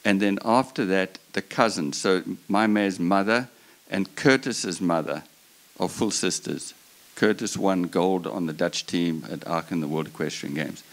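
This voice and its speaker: A man with a very low voice tells a personal story to a live audience. He talks earnestly and passionately, often starting sentences over as he goes. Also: a little slow. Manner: earnest and passionate, with frequent restarts. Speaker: horse breeder on a panel.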